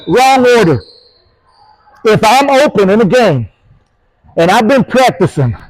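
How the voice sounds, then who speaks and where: Man in his fifties, basketball coach, high-pitched voice, dry close sound, folksy and questioning. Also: no echo, low-quality recording. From Texas. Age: 50s. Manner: animated, asks players questions, folksy. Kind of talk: coaching clinic instruction. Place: gym with players.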